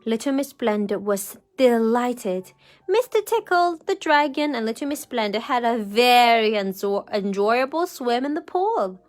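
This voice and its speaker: Animated woman reading a storybook to kids. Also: a little high, measured pace. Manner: animated, asks the children questions. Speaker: children's storyteller. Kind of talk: reading a picture book aloud to children.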